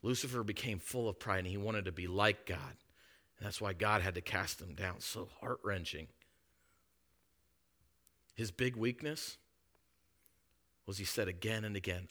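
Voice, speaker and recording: Male preacher, emphatic sermon delivery, bright tone, hushed to loud. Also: on the low side, a little slow, pauses often.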